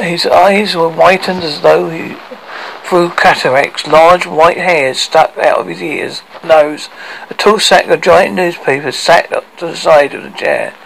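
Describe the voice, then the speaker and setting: A man reads a story aloud, halting and often correcting himself mid-sentence. His voice is fairly high for a man and gravelly. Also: slight background noise, rough recording. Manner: halting, with frequent self-corrections. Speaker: narrator.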